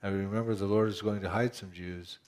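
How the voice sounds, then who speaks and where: A man's voice: fairly low pitch, fairly even intonation, brisk, a little mellow. A man pastor preaching a conversational sermon, asking rhetorical questions and often restarting his phrases.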